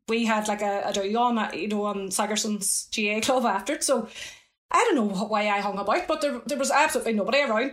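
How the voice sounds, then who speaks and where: A middle-aged Northern Irish woman telling stories as an interview guest, chatty and lively, with frequent asides. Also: on the high side. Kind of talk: casual storytelling.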